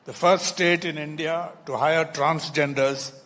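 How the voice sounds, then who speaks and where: A man interviewing a guest on stage, asking polite, measured questions. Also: a little high, fairly even intonation, a bit bright. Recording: long hall reverb.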